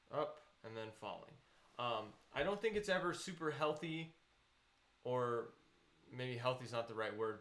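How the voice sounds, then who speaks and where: A man's voice: mid-range voice, a bit bright, reverberant. A man teaching a voice lesson, patiently explaining vocal technique and counting students into exercises.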